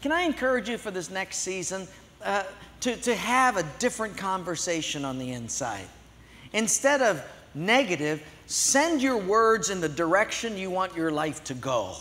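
Bright-voiced male pastor preaching in a hall. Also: high voice, moderate pace, a little hiss or hum. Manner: animated, conversational preaching. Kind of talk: sermon. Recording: long echo of a big hall.

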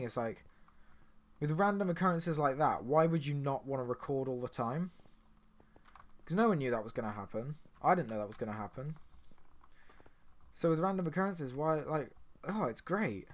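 A young man casually commenting on his own game as he plays, chatty and rambling, with sudden surprised outbursts. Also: mid-range voice. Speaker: gaming channel host. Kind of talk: casual let's-play commentary.

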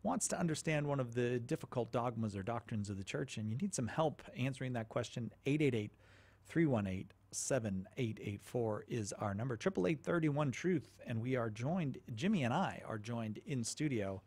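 A man's voice: medium pitch, animated, normal speed, a little mellow. A man hosts a live call-in radio show, speaking into a studio microphone. His talk is friendly and easygoing, and he slips into joking banter with his guests.

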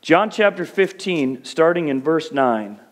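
A man's voice: fairly high pitch, animated, measured pace. A middle-aged male pastor preaching a sermon in a conversational way that rises to fervent peaks.

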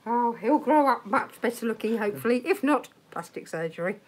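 Woman on a live stream, a bit high-pitched, blunt and swears a lot. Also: expressive, a little fast, slight background noise. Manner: blunt, sweary, reads headlines aloud. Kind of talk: casual live stream chat.

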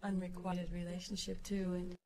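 A young American woman musician, a guest in an interview, reminiscing in a rambling, halting way with frequent laughs. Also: lowish voice, little pitch movement, a crowd in the background. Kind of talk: casual reminiscing conversation.

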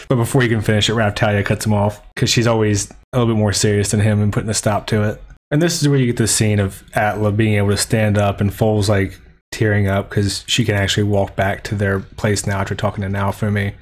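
A man with a fairly low voice talks through an anime episode and its book in a laid-back, chatty way. He drops in plenty of "like" fillers and chuckles as he goes. It sounds like easygoing video commentary. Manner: relaxed, chatty, frequent "like" fillers, chuckles often. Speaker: anime and light novel commentator.

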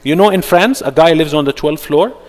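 Animated male religious teacher, reverberant hall. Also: on the high side, brisk, faint music behind. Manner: animated, fires rhetorical questions at audience. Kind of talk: interactive religious workshop talk.

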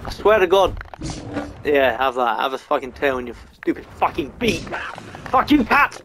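A man giving let's-play game commentary, swearing a lot and swinging between frustration and excitement. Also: medium pitch, moderate pace, slight background noise. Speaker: gamer.

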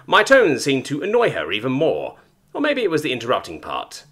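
Man, story narrator, wry and casual, bright, animated intonation. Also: mid-range voice, fairly quick, breathy edge. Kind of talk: first-person sci-fi story narration.

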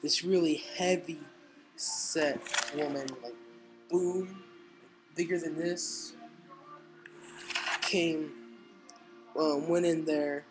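A teenage boy telling jokes in a casual, rambling way, halting with fillers and restarts. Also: on the high side, fairly even intonation, music in the background, low-quality recording. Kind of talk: casual stand-up style joke telling.

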